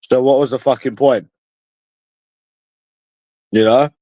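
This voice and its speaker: A man's voice: medium pitch, fairly even intonation, slow pace, mellow, no room sound. A man with a London accent, ranting at his livestream chat in a confrontational, profane and repetitive way. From London, England. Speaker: streamer answering chat. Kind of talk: combative livestream rant.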